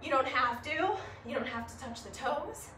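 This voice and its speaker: A woman fitness instructor guiding a gentle home workout, upbeat and encouraging, a little winded, recorded in her living room. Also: high-pitched, expressive, moderate pace, slight background noise. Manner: upbeat, encouraging, laughs at herself. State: slightly winded. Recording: echoey room, mic at a distance.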